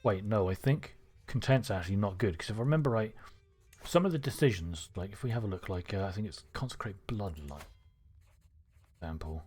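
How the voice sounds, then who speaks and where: A man streaming a strategy game live, thinking aloud with excitable bursts. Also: fairly low pitch, a little fast, slightly rough.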